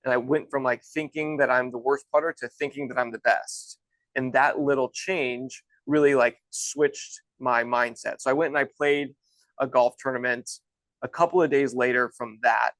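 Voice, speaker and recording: A man's voice: medium pitch, steady tone, normal speed, a bit bright, no echo, rough recording. A man in his thirties, a golf instructor and former pro, telling stories in a loose, chatty way with many restarts. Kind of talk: casual storytelling.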